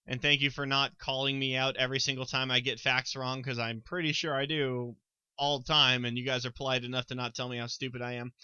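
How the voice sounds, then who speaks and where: A man's voice: medium pitch, pushed and bright, clear, resonant tone, no echo. A man co-hosting a casual sports podcast, rambling with stammered restarts and frequent ums. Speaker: podcast co-host.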